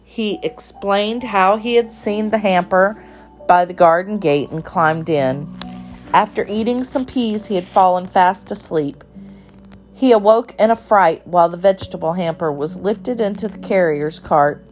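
A woman reading a children's story aloud in a calm, even storytelling manner. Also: medium pitch, unhurried, faint music behind.

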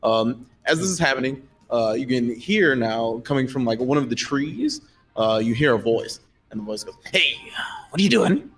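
A man narrating as game master in a relaxed, casual way with many fillers. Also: medium pitch, moderate pace, breathy edge, distant mic. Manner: relaxed, filler-heavy, laughs often.

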